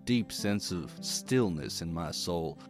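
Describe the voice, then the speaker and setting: Goofy man with a lively voice. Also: low-pitched, slow pace, soft background music. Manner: goofy, deadpan jokes. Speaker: player. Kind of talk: playing a tabletop game.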